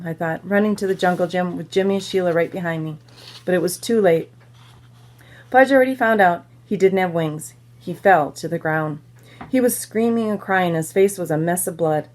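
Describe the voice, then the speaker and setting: A woman's voice: fairly low pitch, moderate pace, a little mellow. A woman reading a children's novel aloud, telling it in plain first-person storytelling. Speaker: reader.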